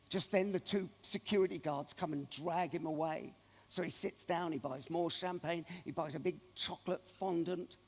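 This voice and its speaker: A man's voice: on the high side, moderate pace. A man giving a keynote speech, telling anecdotes to an audience in a large conference hall. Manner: animated anecdotal storyteller. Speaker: keynote speaker. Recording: long reverb of a large hall.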